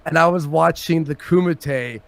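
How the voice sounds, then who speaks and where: A man hosting a casual livestream chat, telling stories in an animated way and swearing often. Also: fairly high pitch, unhurried, gravelly. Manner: animated, swearing storyteller who swings from loud to mumbled. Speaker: show host.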